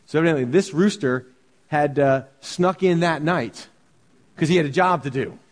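A man's voice: a little high, moderate pace, big-room sound. A man preaching a sermon as pastor, earnest and full of rhetorical questions.

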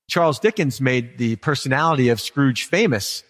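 Humorous pastor in a reverberant hall. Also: male voice, medium pitch, lively intonation, normal speed, hardly any pauses, a bit bright. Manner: conversational and humorous, asks the congregation questions. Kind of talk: sermon.

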